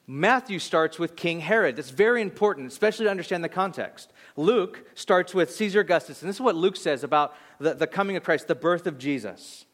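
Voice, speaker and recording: A pastor in his thirties preaching with a high, light voice. He tells a story with animated, self-deprecating energy, stumbling through restarts when he turns reflective. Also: a little fast, few pauses. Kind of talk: sermon.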